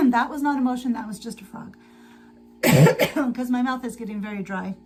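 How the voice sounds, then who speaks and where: A tired woman hosting a casual sewing livestream, chatting slowly to viewers and to herself as she works. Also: on the high side, lively intonation, a little hiss or hum, rough recording. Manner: slow, chatty, talks to herself while working. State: tired and sleepy.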